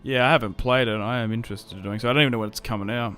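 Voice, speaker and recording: A man's voice: mid-range voice, steady tone, very fast, fairly bright tone, faint music behind. A young man with an Australian accent, chatting casually to viewers on a strategy game livestream, rambling with many fillers and restarts. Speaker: streamer.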